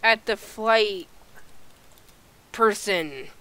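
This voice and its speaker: A woman hosting a casual let's-play video, talking through her game in an animated, exasperated way as she thinks aloud. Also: medium pitch, very slow, clean tone. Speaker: gameplay video host.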